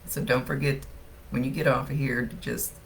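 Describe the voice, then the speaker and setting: In a live-streamed psychic reading, a woman medium chats in a relaxed way, laughing often. Her voice is a rumbling low with a gravelly fry, at a moderate pace, over faint background noise.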